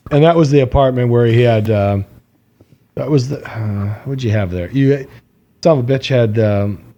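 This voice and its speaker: A man's voice: medium pitch, animated, unhurried, long pauses, warm tone. A man, co-hosting a podcast and telling a rambling story with a lot of laughing. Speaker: podcast co-host. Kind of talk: casual chat.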